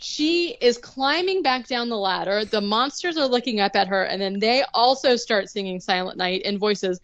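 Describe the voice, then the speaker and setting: A woman's voice: medium pitch, normal speed, a bit bright, no echo, highs cut off. A young woman casually recapping a movie on a podcast, sarcastic and rambling, full of "like" and the odd swear word.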